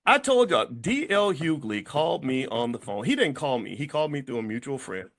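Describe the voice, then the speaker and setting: A man in his fifties giving an animated monologue, telling stories and acting out what people said. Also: brisk. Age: 50s. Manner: animated storytelling, acts out quotes with big pitch jumps. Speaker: commentator. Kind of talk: casual monologue to camera.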